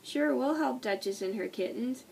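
A woman's voice: a little high, lively intonation, normal speed, creaky, darkish tone. A woman voicing a cool, easygoing male cat who leads a jazz band, talking in a laid-back, assured way. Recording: distant mic with faint noise.

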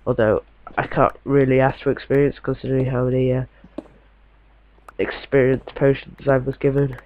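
A man's voice: medium pitch, little pitch movement, normal speed, narrow, tinny audio. A young man giving casual, chatty commentary while playing a game, talking to himself in a slightly posh way. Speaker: gamer.

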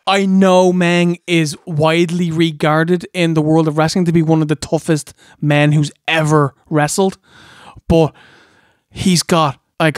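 A man's voice: a little high, no room sound, studio quality. A man co-hosting a podcast, bantering and mocking with rambling asides. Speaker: podcast co-host. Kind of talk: casual banter.

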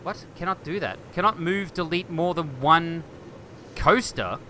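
A man hosting a game video, thinking aloud and getting excited as he chats to objects on screen. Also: on the high side, a little slow, slight background noise. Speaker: gaming video host. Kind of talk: let's play commentary.

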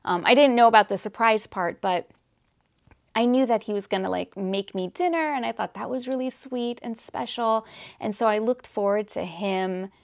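A woman's voice: on the high side, moderate pace, vocal fry, dry recording, clean studio sound. A woman vlogging to camera in a casual, upbeat and rambling way. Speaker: lifestyle vlogger. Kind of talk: casual chatty vlog to camera.

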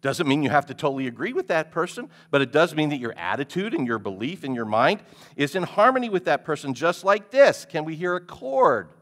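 A male pastor preaches a sermon with a fairly high voice. His delivery is highly animated, with wide swings in pitch. He keeps turning to the congregation with questions. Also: fairly quick.

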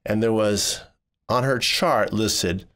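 A man narrating a personal story in the first person, voicing it expressively and jumping higher when he quotes people. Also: slow. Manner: expressive, jumps high when quoting people.

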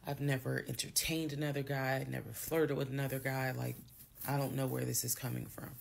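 Low gravelly husky woman telling a story. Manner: measured, steady retelling with pauses and fillers. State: has the hiccups. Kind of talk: storytelling monologue.

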